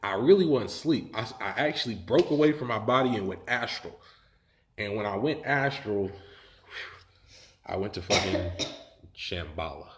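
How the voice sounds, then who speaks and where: A man's voice: fairly low pitch, lively intonation, normal speed, long pauses, roomy sound, slight background noise. A man telling a story in casual, profane talk, rambling and laughing as he goes.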